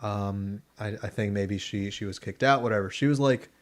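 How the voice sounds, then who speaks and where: A young man co-hosting a podcast, telling a story in casual chat, animated and slipping into voices for the people he quotes. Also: fairly low pitch, normal speed. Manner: animated, acts out voices in quotes, laughs often. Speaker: podcast co-host.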